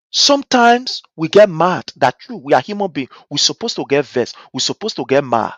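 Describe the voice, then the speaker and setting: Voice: mid-range voice, lively intonation, moderate pace, no echo, low-quality recording. A speaker gives an impassioned political address to supporters abroad, with repetitive rallying cries.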